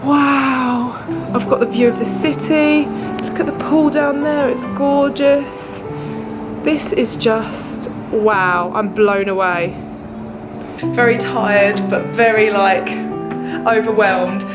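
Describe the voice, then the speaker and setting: A young woman vlogging to a handheld camera, gushing and excitable, often gasping and laughing. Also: fairly high pitch, takes it slowly, loud music behind the voice. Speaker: beauty vlogger. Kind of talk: casual vlog to camera. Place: hotel room and city streets.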